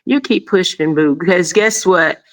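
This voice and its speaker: A woman's voice: on the low side, normal speed, fairly bright tone, rough recording. A middle-aged woman guest speaking in an encouraging, preacherly way about faith and respect. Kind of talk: casual chat.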